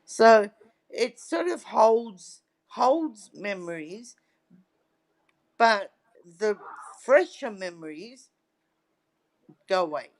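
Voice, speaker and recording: A woman's voice: mid-range voice, lively intonation, drawn-out words, pauses often. A middle-aged woman talking as a guest in a casual interview, telling stories in a chatty way and often checking in with "right?". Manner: chatty storyteller, tags lines with "right?".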